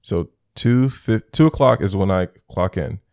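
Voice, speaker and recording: A man's voice: fairly low pitch, a little slow, a little mellow, no room sound, clean studio sound. A young man telling stories in casual chat, acting out both sides of his phone calls.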